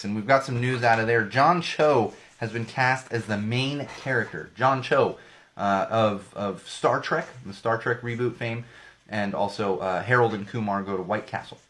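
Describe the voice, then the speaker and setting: A man's voice: medium pitch, fairly bright tone. A man hosting a casual solo podcast, rambling and joking with frequent restarts and self-corrections, his voice a little worn. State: slightly losing his voice. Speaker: podcast host.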